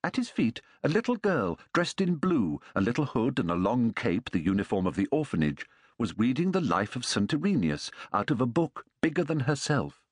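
Brief: male storybook narrator, husky tone, lively melodic reading, dry close sound. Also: medium pitch, dry recording. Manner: measured, expressive reading. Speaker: audiobook narrator.

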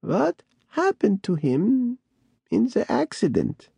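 A man voicing a secretive, insistent old woman with a creaky voice in an audiobook reading. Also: sits high, huge pitch swings, slow, dark tone, no room sound, pitched above the performer's own voice, exaggerated voice.

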